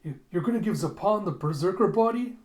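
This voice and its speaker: A man's voice: sits high, animated, a little fast, darkish tone, reverberant, pitched above the performer's own voice. A man voicing a frantic strapped-down mechanic. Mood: panicked. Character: panicked male mechanic strapped down.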